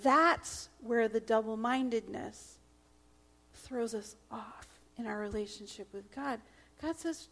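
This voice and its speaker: A middle-aged woman pastor preaching a sermon in an earnest, emphatic manner, sometimes dropping to a hush. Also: fairly high pitch, slow pace, creaky.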